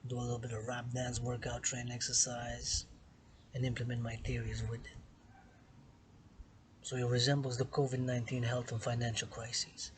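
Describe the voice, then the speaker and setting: Guy vlogging outside, mid pitch, rambles and repeats himself, loud then whispery, lots of outdoor noise. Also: monotone, normal speed, poor audio. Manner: repetitive and emphatic, swinging between loud stresses and hushed whispers. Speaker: vlogger philosophizing to camera. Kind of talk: rambling monologue. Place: outdoors in the sun on an island.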